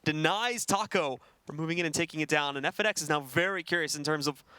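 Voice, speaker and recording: A man calling a live esports match play by play, energetic and rapid, speaking into a headset. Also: a little high, clean tone, dry recording. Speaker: esports commentator.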